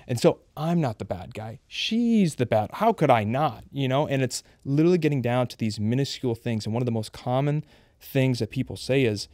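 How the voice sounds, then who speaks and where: A man's voice: mid-range voice, fairly quick, darkish tone, no echo, studio quality. A man in his thirties, a podcast guest, telling his personal story in an earnest, confessional way. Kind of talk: candid personal testimony.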